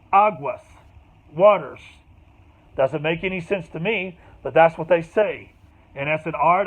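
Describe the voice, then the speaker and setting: A man's voice: sits high, fairly bright tone. A man explaining how he learns languages in a casual, rambling way that loops back on itself. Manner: rambling, repeats himself, loose and conversational. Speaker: language teacher. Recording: tinny phone-like sound.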